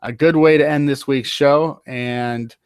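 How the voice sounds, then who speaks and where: A man's voice: mid-range voice, fairly even intonation, a little slow, clear, resonant tone, no room sound, studio quality. A man hosting a podcast, talking loosely with many fillers and restarts. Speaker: podcast host. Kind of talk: casual podcast chat.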